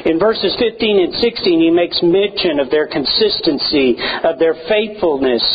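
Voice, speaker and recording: A man preaching a sermon in an earnest style, asking rhetorical questions and moving between soaring and hushed delivery. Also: on the high side, moderate pace, husky. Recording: dull lo-fi, faint hiss.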